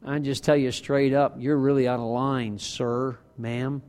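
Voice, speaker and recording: A man preaching a sermon as pastor, lively and self-deprecating, acting out quoted arguments between spouses. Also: mid-range voice, a little slow, big-room sound.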